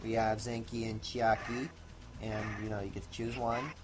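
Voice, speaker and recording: A man's voice: on the low side, little pitch movement, moderate pace. A man narrating a casual game review in a rambling, offhand way. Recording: noisy home recording.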